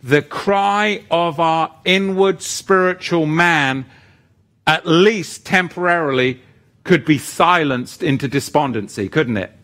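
A man preaches with a high, bright voice that leaps up and down in pitch. He takes his time, pressing rhetorical questions, then drops to hushed asides. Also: takes it slowly. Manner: animated, swings between loud and hushed. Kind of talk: sermon.

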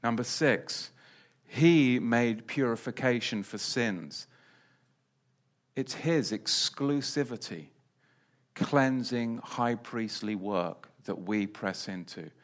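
A man preaching a sermon, repeating key phrases and swinging between loud declarations and quiet asides. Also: mid-range voice, takes it slowly.

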